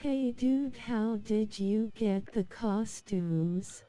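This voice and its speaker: A woman's voice: mid-range voice, fairly even intonation, drawn-out words, dark tone, soft background music. A woman whose first language is German, chatting with a fellow player and searching for her words. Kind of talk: casual gaming chat.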